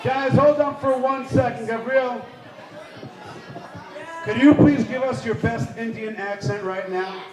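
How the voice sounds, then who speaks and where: High-voiced man emceeing a party quiz. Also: unhurried, long pauses. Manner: energetic, playful, shouts countdowns to the crowd. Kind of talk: lively live event hosting. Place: large indoor party hall. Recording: echoey hall with music and crowd.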